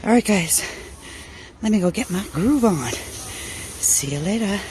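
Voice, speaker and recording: A woman's voice: mid-range voice, lively intonation, a little slow, noisy background. A woman hosting her own channel, chatting casually and out of breath to viewers while filming herself outdoors on a hillside amphitheater with a handheld phone. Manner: chatty, talks straight to viewers. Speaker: crafting channel host. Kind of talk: casual vlog chat. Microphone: handheld phone camera.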